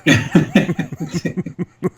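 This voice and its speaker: A man's voice: fairly high pitch, drawn-out words, breathy edge. A middle-aged man hosting a casual radio show, telling personal stories in a rambling way with many restarts. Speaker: podcast host.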